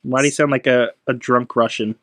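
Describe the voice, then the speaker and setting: A man's voice: mid-range voice, fairly even intonation, fairly quick, fairly bright tone, dry recording, clean studio sound. A young man co-hosting a casual movie review podcast, teasing and questioning his partner. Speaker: podcast co-host.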